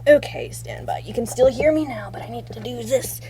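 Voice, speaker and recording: A woman's voice: a little high, sing-song, moderate pace, crowd noise. A young woman chatting casually on a live stream, rambling and self-correcting as she walks viewers through reference photos, laughing now and then.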